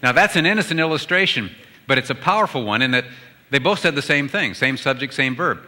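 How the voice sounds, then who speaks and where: A man's voice: fairly high pitch, expressive, a little fast, sharp tone. A man preaching as a guest speaker, telling humorous marriage stories and acting out both the husband and the wife. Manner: humorous storytelling, voices both spouses. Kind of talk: sermon. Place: large church sanctuary. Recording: hall reverb from the sanctuary.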